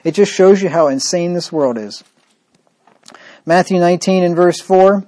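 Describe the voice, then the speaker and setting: A man's voice: sits high, moderate pace, pauses often, mellow. A man preaching a sermon, emphatic and repetitive, with a sarcastic, mocking edge. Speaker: pastor.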